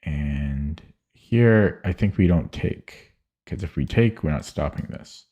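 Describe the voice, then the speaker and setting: A man streaming chess puzzles, thinking aloud in halting, muttered phrases and correcting himself as he goes. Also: low voice, lively intonation, dull audio.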